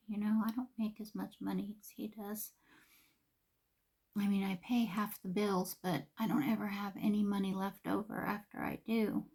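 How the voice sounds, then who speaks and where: A woman's voice: mid-range voice, little pitch movement, normal speed, darkish tone. An older woman chatting while getting ready, emotional and confiding, sometimes dropping to a whisper. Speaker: vlogger.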